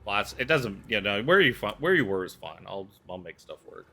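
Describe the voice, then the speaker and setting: A man playing a tabletop game, chatting quickly about tactics. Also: lowish voice, very animated, vocal fry, sharp tone. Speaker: player. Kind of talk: casual chat at a tabletop game.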